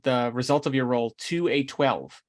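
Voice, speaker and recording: A man at a tabletop game talks in an ordinary mid-pitched voice. He thinks out loud about his moves and the rules, often filling gaps with "uh" and "like.". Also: normal speed. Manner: relaxed, thinking aloud with fillers. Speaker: player. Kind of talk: casual tabletop game chat.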